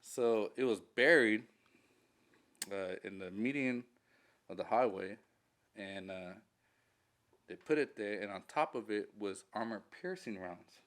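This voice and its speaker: A man with a lowish voice tells a war story as a veteran guest in a casual interview. He swears a lot and talks in an animated way, often laughing through his telling. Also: measured pace, long pauses.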